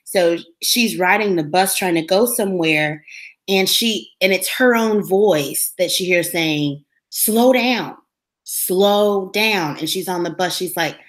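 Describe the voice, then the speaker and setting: A woman co-hosting a casual talk show, retelling a TV episode in an animated way and acting out the characters' lines. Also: on the low side, measured pace. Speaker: co-host recapping a TV episode. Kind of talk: casual chat.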